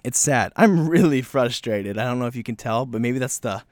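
Male solo podcaster, scattered and self-mocking, very lively pitch, dry booth sound. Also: dry recording. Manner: scattered, self-mocking, slips into quick voiced bits. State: slightly breathless from talking fast. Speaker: podcast host. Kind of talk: rambling solo podcast chat.

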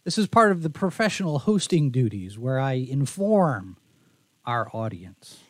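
A man's voice: medium pitch, sing-song, unhurried, no room sound. A man hosting a casual podcast chat with a faint Texas Southern accent, talking in a thoughtful, easygoing, rambling way. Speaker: show host.

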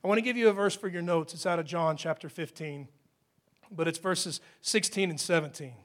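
A man with a high voice preaching to his congregation in a church hall. He talks conversationally, then climbs into emphatic peaks and drops into soft, hushed asides. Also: brisk. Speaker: pastor. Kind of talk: sermon.

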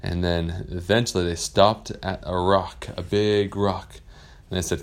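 A man with a fairly low voice spins an improvised bedtime story. He talks in a relaxed, rambling way, with plenty of pauses and fillers.

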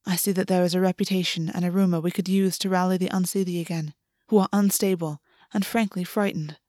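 A woman's voice: lowish voice, steady tone, quick pace, darkish tone, dry recording, clean studio sound, natural voice. A woman reading aloud and voicing a scheming, petty male fae lord who talks persuasively. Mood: wry.

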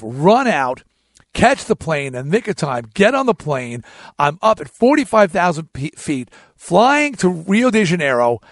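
A man hosting his own show, telling a story in a casual, animated monologue with frequent restarts. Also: mid-range voice, dry recording. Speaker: show host.

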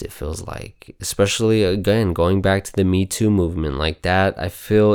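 A man with a low, clear, resonant voice hosts a casual news commentary show. He reads headlines aloud and reacts bluntly and outspokenly, swearing heavily.

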